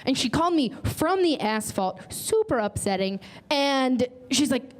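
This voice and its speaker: A woman's voice: high voice, expressive, normal speed, hardly any pauses. A woman from North Carolina hosting a stand-up comedy show, delivering brash, bawdy punchlines on a stage mic. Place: comedy stage with live audience.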